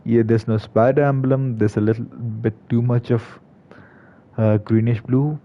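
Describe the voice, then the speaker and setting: Male game commentator, casual and halting, mid voice, somewhat lo-fi mic. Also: mid-range voice, fairly even intonation. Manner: hesitant, many fillers and restarts. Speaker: gaming video creator. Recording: slightly dull lo-fi recording.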